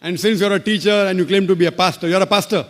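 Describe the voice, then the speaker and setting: A man's voice: high-pitched, fairly even intonation, fast talker. A male lecturer answering an audience question firmly and insistently, repeatedly calling the questioner brother. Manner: firm, insistent, keeps addressing the questioner as brother. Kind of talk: public debate answer. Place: large lecture hall. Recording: long hall reverb.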